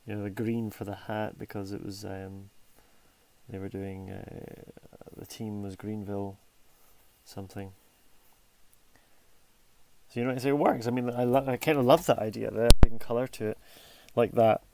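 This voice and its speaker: A man's voice: on the low side, steady tone, normal speed, creaky, pauses often, warm tone. A man casually talking through his drawing process on a stream, rambling and interrupting himself, sometimes dropping to a near whisper. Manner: rambling, self-interrupting, chatty. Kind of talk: casual narration while drawing.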